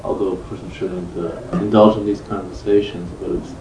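Male student, deep dark voice, hesitant, recorded roomy and distant. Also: little pitch movement, normal speed, noisy background. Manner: hesitant, restarts phrases. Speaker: student asking a question. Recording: roomy sound from far off the mic.

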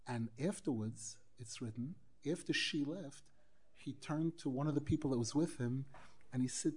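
A man teaching a Torah class as a rabbi, animated, acting out quoted dialogue and weaving in Hebrew phrases. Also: fairly high pitch, normal speed. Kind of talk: Torah lecture.

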